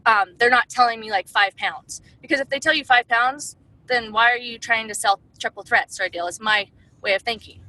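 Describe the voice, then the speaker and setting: A woman's voice: a little high, normal speed, pushed and bright, low-quality recording. A woman talking casually about her sales methods, chatty and full of "like" and "um". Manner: chatty, heavy use of "like" and "um". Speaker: direct sales distributor. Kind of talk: casual sales-tips talk.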